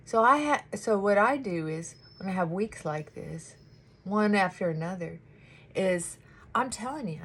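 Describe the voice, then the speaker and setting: A woman therapist chatting casually while doing her makeup, animated and acting out her clients' voices. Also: medium pitch, a little slow, breathy edge.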